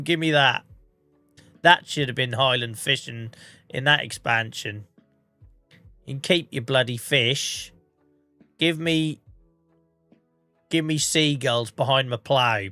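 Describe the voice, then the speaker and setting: A man's voice: mid-range voice, sharp tone, dry recording. A man in his forties with a Norfolk accent, chatting casually while live-streaming a farming game, under the weather and coughing, swearing and joking at his own expense. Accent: Norfolk English. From England. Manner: chatty, swearing, self-mocking.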